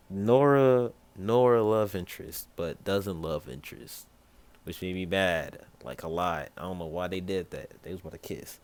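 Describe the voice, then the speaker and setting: A young man casually telling a rambling, improvised fan story, full of fillers and quick bursts of other characters' voices. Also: creaky. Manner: rambling, loose with fillers and "yada yada"; acts out other characters in brief pitch jumps.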